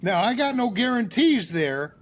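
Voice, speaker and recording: A man's voice: very high-pitched, moderate pace, a little hiss or hum. An older man, a therapist guest, telling a story in an interview and acting out the dialogue with energy. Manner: animated storyteller, acts out dialogue.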